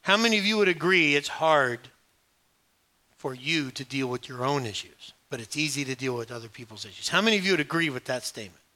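A middle-aged male pastor preaching a sermon, joking and storytelling with sudden hushed asides. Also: a little high, expressive, fairly quick.

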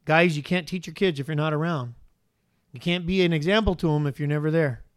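A man who is a father, preaching as a pastor in an animated style, peppering the congregation with rhetorical questions. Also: fairly high pitch, fairly quick, clean tone. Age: adult father. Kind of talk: sermon.

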